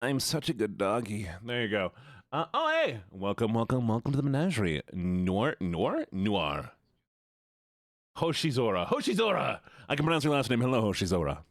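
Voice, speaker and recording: A man's voice: mid-range voice, wildly swooping pitch, fast talker, dry recording, studio quality. A man live-streaming in a playful, joking way, sounding nasal and stuffed-up as he teases his chat. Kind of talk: casual live-stream chatter.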